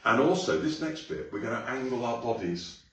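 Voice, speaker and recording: A man teaching a song to a class, explaining casually and bursting into loud sung phrases. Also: mid-range voice, expressive, a little fast. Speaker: music teacher. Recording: echoey room, mic at a distance.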